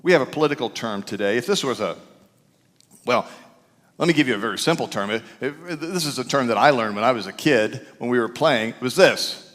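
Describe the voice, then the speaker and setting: Pastor guy preaching, goes loud then quiet, bouncy highish voice, big reverby church hall. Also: brisk. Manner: animated, shouts for emphasis, drops to a hush. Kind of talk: sermon. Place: church sanctuary.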